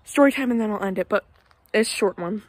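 A woman's voice: medium pitch, fast, darkish tone, no room sound. Breathless young woman vlogging outdoors. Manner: chatty, lots of fillers, indignant about neighbors. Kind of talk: casual rambling vlog, walking. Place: outdoors in a neighborhood.

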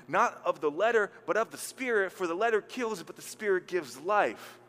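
High-voiced man preaching in a reverberant hall. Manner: casual, animated preaching with slang and acted-out quotes. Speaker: pastor. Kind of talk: sermon. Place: church hall. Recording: long hall reverb, faint music.

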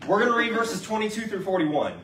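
A man's voice: sits high, animated, fast, a bit bright, slight background noise. A man preaching a sermon as pastor, talking casually and asking his congregation questions. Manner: conversational, asks the congregation questions. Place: church sanctuary. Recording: roomy sound from a distance.

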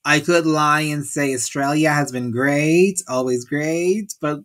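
A man's voice: on the high side, slow pace, a bit bright. A man from Ireland, co-hosting a podcast in a casual, joking, rambling way and laughing often. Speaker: podcast co-host. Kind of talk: casual chat.

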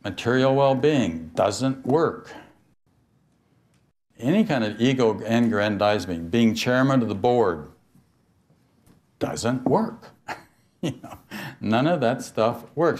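A man's voice: mid-range voice, expressive, takes it slowly, long pauses, a little mellow. An older man giving a spiritual talk to an audience, telling stories, laughing and asking his listeners questions. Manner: storytelling, asks the audience questions, laughs often. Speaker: speaker on mysticism.

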